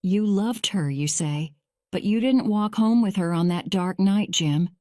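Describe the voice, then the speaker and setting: A woman reading as a calm probing lawyer. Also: medium pitch, no room sound, clean studio sound, close to an everyday voice. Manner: measured, slow graded-reader delivery.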